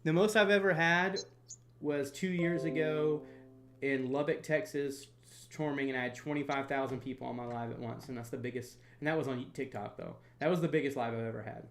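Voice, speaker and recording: A man in his thirties from North Florida hosting a casual storm-chasing livestream, chatty and quick to laugh while reading viewer comments. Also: medium pitch, fairly even intonation, a bit bright. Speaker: storm chaser livestream host.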